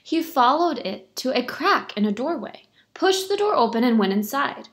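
A woman teacher reading a picture book aloud to her pupils, in a clear storytelling manner. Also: high voice, sing-song, normal speed.

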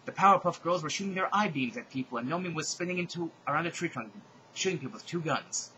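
A man giving a comedic dramatic reading of bad fan fiction, with deadpan asides between exaggerated passages. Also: a little high, fast talker, lo-fi sound, background noise. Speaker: fanfic reader.

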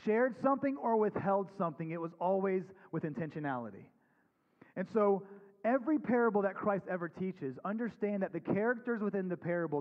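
Earnest male pastor preaching in a hall. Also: sits high. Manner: earnest, conversational preaching with scripture reading. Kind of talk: sermon. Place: church sanctuary. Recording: dull recording with long hall reverb.

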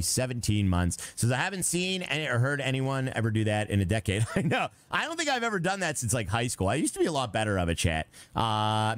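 A man's voice: mid-range voice, a bit bright. A young man streaming a game live, chatting casually, laughing often and reading out messages from his chat, with music playing behind him.

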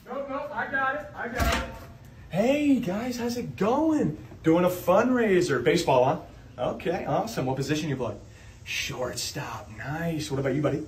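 A young man doing sketch comedy characters, jumping between loud yelling and low muttering. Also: animated, moderate pace, reverberant, recorded from a distance, a little hiss or hum.

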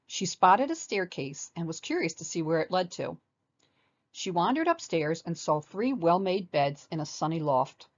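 A woman reading a children's storybook aloud with animated expression. Her voice is low, with lively rises and falls. The recording sounds dull and lo-fi. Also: moderate pace.

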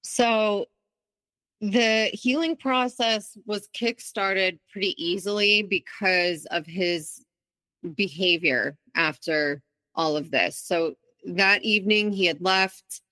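A woman's voice: mid-range voice, slow pace, sharp tone, no echo. A woman guest in an interview, telling her own story in a candid, reflective way with frequent restarts. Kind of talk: interview, personal account.

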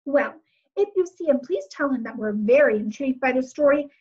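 A woman's voice: high-pitched, expressive, brisk, a little mellow, slightly rough. A woman reading aloud, voicing a polite, businesslike female reporter speaking on the phone. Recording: slightly muffled lo-fi recording.

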